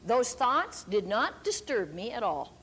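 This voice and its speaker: Older lady preacher telling a story in a sermon, highish voice, lots of ups and downs, slow and emphatic on key words. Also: very animated, fairly bright tone, slightly rough. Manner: deliberate, emphatic storyteller who stretches key words slowly. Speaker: preacher and Bible teacher.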